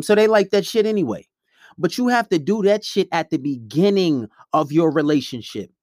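A man's voice: sits high, no echo, clean studio sound. A man giving blunt, profane relationship advice in a casual, lecturing monologue.

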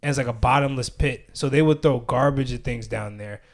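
A man's voice: medium pitch, a little fast. A young man co-hosting a podcast, chatting casually with lots of slang and laughter. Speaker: podcast co-host.

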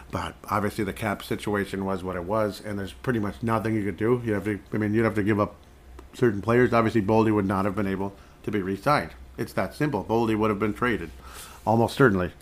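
A man hosting a podcast in casual sports chat, rambling along and chuckling between thoughts. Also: lowish voice. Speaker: podcast host.

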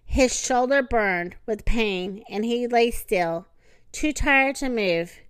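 Woman reading a kids storybook, kinda high voice, dry close recording. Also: takes it slowly, smooth, no room sound. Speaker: narrator. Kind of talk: storybook read-aloud.

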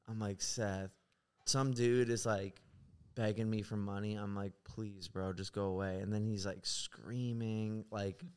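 A man hosting a podcast, chatting casually and telling animated stories with plenty of swearing. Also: lowish voice, takes it slowly, smooth. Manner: laid-back, swearing, animated storytelling. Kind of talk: casual chat.

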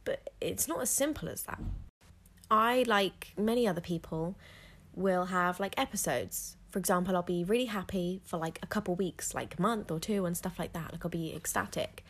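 Teen girl podcast host, lowish voice, candid, rambly, lots of fillers. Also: normal speed. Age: teens. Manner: frank, rambling, heavy on "like" fillers. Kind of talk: candid solo podcast monologue.

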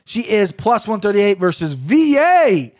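A man's voice: sits high, very animated, darkish tone. A man with an Ohio accent hosting casual fight-betting chat, rambling and profane. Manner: rambling, profane, quick to laugh. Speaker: podcast host picking fights.

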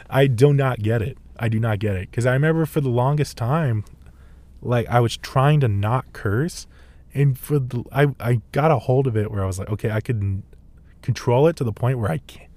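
A man's voice: medium pitch, a little mellow, dry recording. A young man hosting a podcast, rambling in casual talk, packing his speech with "like" and swearing freely. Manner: rambling, full of "like", laughs often and swears freely. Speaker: podcast host.

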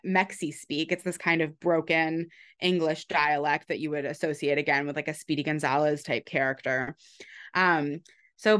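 A woman author explaining her research in a conversational interview, thoughtful, with frequent pauses and restarts. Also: deep voice, a bit bright. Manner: thoughtful, many "um"s and restarts, light laughs. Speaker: author guest.

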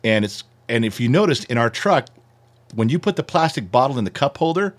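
A middle-aged man spins a casual story with animated energy and plenty of swearing. His pitch jumps around a lot as he talks. The sound is that of an informal co-host at the mic. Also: fairly quick. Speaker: podcast co-host. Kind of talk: casual chat.

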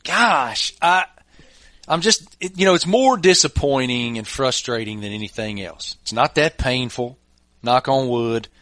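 A man's voice: mid-range voice, expressive, unhurried, fairly bright tone, no echo. A middle-aged man hosting a podcast, casually telling a funny anecdote with chuckles along the way. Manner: laid-back, chuckling anecdotes. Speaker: podcast host. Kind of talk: casual storytelling chat.

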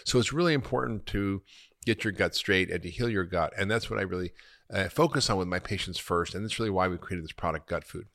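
A middle-aged doctor hosting a podcast, answering listener questions in an energetic, emphatic way and laughing at himself now and then. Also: male voice, low-pitched, quick pace, vocal fry.

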